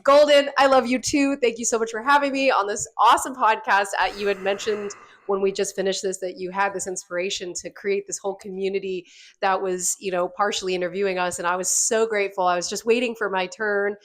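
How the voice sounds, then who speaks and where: A woman in her thirties, a guest on a podcast, telling a story in a lively casual way, laughing often and acting out quotes. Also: mid-range voice, fairly quick.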